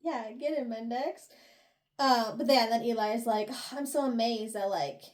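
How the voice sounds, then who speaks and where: A woman's voice: fairly high pitch, moderate pace, faint music behind. A young woman co-hosting a book review podcast, retelling chapters casually and acting out the characters' lines with lots of laughs. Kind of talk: casual book recap chat.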